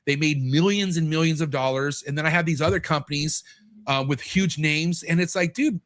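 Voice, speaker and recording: A man's voice: on the high side, fairly quick, fairly bright tone. A man in his thirties talking as a podcast guest in casual chat, candid and swearing freely, acting out what people said to him.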